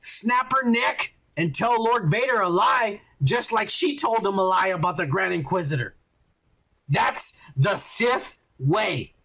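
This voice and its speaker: A man's voice: sits high, expressive, measured pace, creaky, pushed and bright, slightly rough. A man hosting a podcast, ranting heatedly and swearing a lot while reviewing a show. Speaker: podcast host. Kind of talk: casual ranting review chat.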